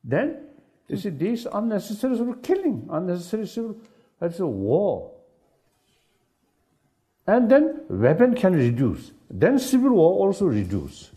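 A man speaks in a panel discussion, halting and searching for his words, often starting over. His voice is mellow and dark. It rises and falls a great deal, and he brings quoted remarks to life with a lot of energy. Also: sits high. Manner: animated, acts out quoted speech. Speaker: spiritual leader in a panel discussion. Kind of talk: conversational panel talk.

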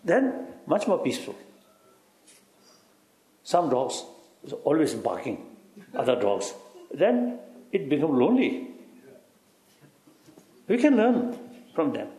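Man, slow and halting, broken English, lively pitch, roomy echo. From Tibet. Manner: halting broken English, repeats "you see", chuckles. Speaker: interviewee, spiritual teacher. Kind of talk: reflective interview answers.

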